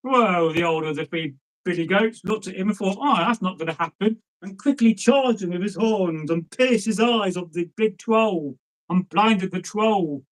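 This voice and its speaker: Man storyteller, casual folk tales, chatty and rambling, fairly high-pitched. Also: moderate pace, low-quality recording. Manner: rambling, chatty asides, lots of fillers. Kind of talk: casual folk tale telling.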